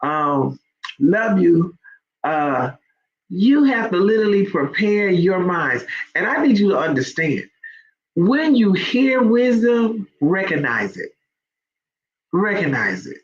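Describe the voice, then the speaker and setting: A woman's voice: mid-range voice, animated, takes it slowly, highs cut off, a little hiss or hum. A woman hosting a live faith talk for online listeners. She speaks conversationally with many ums and builds into emphatic exhortation.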